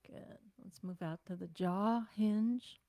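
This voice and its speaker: An older woman leading a self-care class, giving gentle, unhurried instructions with sighs and breathing cues. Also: mid-range voice, dry recording. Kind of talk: guided self-massage class.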